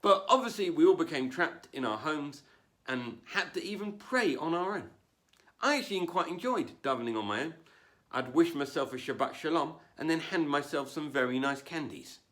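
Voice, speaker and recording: Guy doing standup from home, no crowd, bouncy pitch, dry self mocking jokes. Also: a bit bright. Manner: wry, self-deprecating delivery with put-on voices. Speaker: stand-up comedian. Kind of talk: stand-up comedy monologue. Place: home, performing without an audience.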